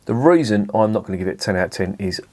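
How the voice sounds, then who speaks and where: A man with a slightly low voice talks through a beer tasting in a relaxed, rambling way. He savours each sip and circles back on his points, stopping now and then to pick the right word. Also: fast. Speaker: beer reviewer. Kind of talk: casual tasting review to camera.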